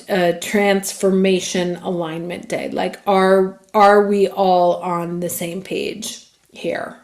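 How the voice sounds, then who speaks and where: A woman astrologer giving a chatty, casual monthly horoscope reading that runs through dates. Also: lowish voice.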